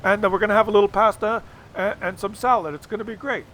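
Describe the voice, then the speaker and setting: An enthusiastic older father insists on explaining his cooking, repeating himself eagerly, as a man puts him on. The voice sits noticeably higher and brighter than the man's own. He talks with a pushy, eager energy. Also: steady tone, quick pace, slight background noise.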